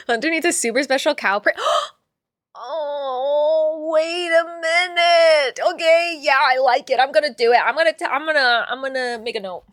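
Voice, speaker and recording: A woman's voice: sits high, measured pace, a bit bright, dry recording, clean studio sound. A woman hosting a livestream, chatting casually with viewers in a playful, rambling way and laughing often. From father from Puerto Rico. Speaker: livestream host reading chat.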